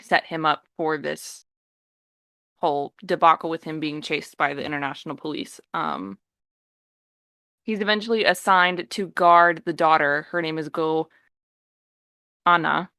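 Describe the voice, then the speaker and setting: A woman on a podcast, retelling a story in a lively, casual way and acting out the characters' lines. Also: on the low side, no room sound. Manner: animated storytelling, acting out quotes. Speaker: podcast co-host.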